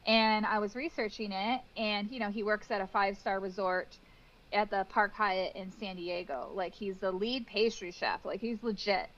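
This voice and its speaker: A woman's voice: medium pitch, moderate pace, fairly bright tone, lo-fi sound. A woman cake decorator, a podcast guest, telling stories in a chatty way, with lots of "like" and laughs. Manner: chatty, storytelling with frequent "like" and laughs. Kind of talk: casual interview chat.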